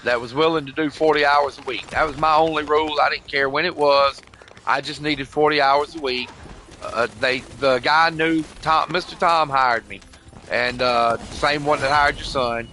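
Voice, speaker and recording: Older guy rambling on game chat, bright kinda high voice, swears a lot, says bro all the time, little hiss behind. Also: steady tone, normal speed. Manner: rambling, profane, emotional, keeps saying "bro" and "you know what I mean". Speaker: gamer chatting on voice chat. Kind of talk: casual storytelling.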